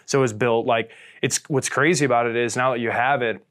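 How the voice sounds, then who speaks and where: A man's voice: medium pitch, fairly even intonation, a little fast, a bit bright. Laid-back man from Missouri swapping stories. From St. Charles, Missouri, US. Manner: laid-back, swears freely, peppers speech with "dude" and "you know what I mean". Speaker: guest, business owner. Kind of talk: casual storytelling chat.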